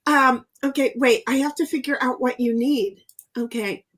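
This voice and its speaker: A woman's voice: sits high, normal speed, a bit bright. A woman hosting a casual livestream, chatting and reading viewer comments aloud while playing a board game. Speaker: livestream host.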